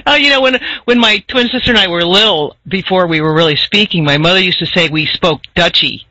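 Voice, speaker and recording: Bright-voiced woman interviewer, curious. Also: on the low side, a little fast, dry recording. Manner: warm, curious questions, laughs often. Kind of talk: casual interview chat. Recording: dull lo-fi dry recording.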